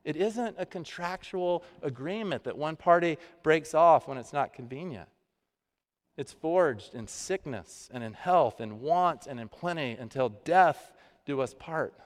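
A pastor giving a conversational sermon, with dramatic pauses. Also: male voice, a little high, animated. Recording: long hall reverb.

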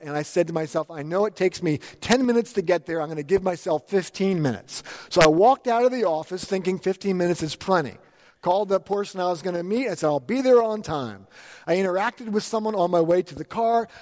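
A man preaching a sermon to a congregation, lively and animated, acting out quoted lines with big jumps in his voice. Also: sits high, big-room sound. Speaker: pastor.

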